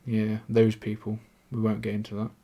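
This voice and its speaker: A man's voice: lowish voice, completely flat delivery, moderate pace, gravelly, mellow. A young man with an English accent, talking in a rambling, self-mocking solo monologue with plenty of swearing. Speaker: podcaster. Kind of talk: casual monologue.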